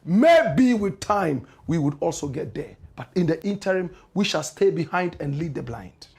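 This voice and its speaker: A man's voice: fairly high pitch, very animated, moderate pace, darkish tone. A man with a Ghanaian English accent hosting a political commentary show, speaking with impassioned, preachy rhetoric and repeated refrains. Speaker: radio and online show host.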